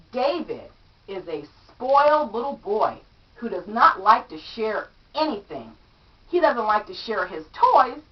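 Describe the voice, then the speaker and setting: A woman reads a children's story aloud, slow and unhurried, her voice rising and falling in a lively, sing-song way as she acts out each line. She sounds a little high for a woman. The recording is dull and lo-fi, caught from some distance off the mic. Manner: animated, acts out character lines. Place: home room among her statues.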